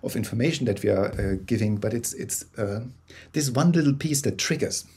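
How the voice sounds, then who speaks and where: A man, a guest on an interview podcast, explaining ideas in a lively, conversational way over a call, with many restarts. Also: medium pitch, fairly quick, a little hiss or hum. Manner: many restarts, animated bursts, laughs. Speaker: guest, corporate storyteller.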